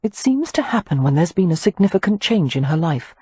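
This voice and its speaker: A woman's voice: lowish voice, big pitch swings, a little fast, a little mellow, husky, dry recording. A woman voicing a responsible, protective eldest sister who speaks in a firm, take-charge way in an audiobook. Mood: indignant.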